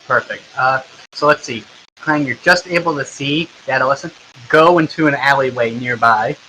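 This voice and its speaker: Bright-voiced easygoing young game master. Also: male voice, medium pitch, moderate pace, a little hiss or hum, low-quality recording. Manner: easygoing, many ums and likes. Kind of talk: narrating a tabletop game.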